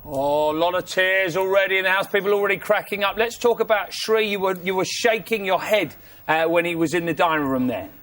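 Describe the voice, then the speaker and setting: A man's voice: sits high, brisk, a bit bright. A young man hosting a comic TV chat show, cheeky and teasing. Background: studio audience.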